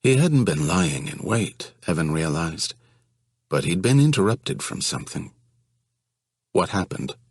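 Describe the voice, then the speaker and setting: A man reading an audiobook in a steady, even storytelling manner. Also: low voice, a little slow, husky, no room sound, studio quality. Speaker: audiobook narrator. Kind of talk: audiobook narration.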